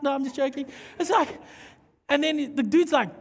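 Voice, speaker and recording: Preacher, animated and playful, long church-hall reverb. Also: male voice, very high voice, moderate pace. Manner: animated, playful, jokes with the congregation. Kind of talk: sermon with humorous storytelling.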